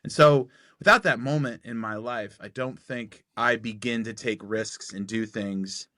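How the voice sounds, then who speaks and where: Podcast guest, man in his forties, lively storyteller who acts out every line of dialogue, bright edge to the voice. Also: mid-range voice, a little slow, dry recording, studio quality. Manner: animated storyteller acting out quoted dialogue.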